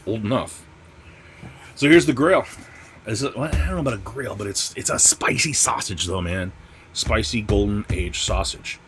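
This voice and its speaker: Man, low voice, lively swings in pitch, profane sarcastic ranting, casual unboxing vlog, faint background hum. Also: moderate pace, pauses often. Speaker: comic channel host.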